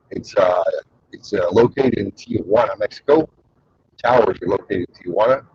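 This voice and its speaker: Husky, low-voiced man telling rambling stories. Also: moderate pace, a little mellow, no room sound, lo-fi sound. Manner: rambling, frequent "uh" fillers, crude humor. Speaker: show host. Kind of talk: casual rambling storytelling.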